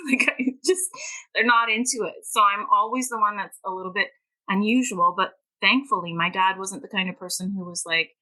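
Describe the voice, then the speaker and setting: Heard through poor audio, a Canadian woman in middle age guests as an author on a podcast interview, recounting stories with energy, laughing a lot, and acting out the people she quotes. Her mid-range voice sounds pushed and bright, at a normal pace.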